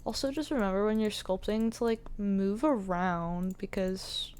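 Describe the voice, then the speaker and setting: Slow, chatty woman teaching on screen. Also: medium pitch, a little mellow, clean tone. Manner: slow, chatty, thinking aloud with many fillers. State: hiccups. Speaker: 3D modeling tutor. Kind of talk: casual screen-recorded tutorial.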